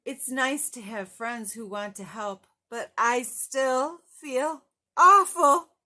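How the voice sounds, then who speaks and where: A woman's voice: medium pitch, unhurried, bright, forceful tone. A woman voicing a sad little male monster who has lost his doll, wailing and weepy. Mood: upset.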